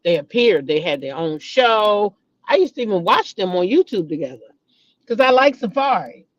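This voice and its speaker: A woman's voice: medium pitch, big pitch swings, moderate pace, dry recording. A middle-aged woman hosting a casual gossip chat. She talks animatedly, repeats names and breaks into dramatic exclamations. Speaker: host. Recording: dull lo-fi recording.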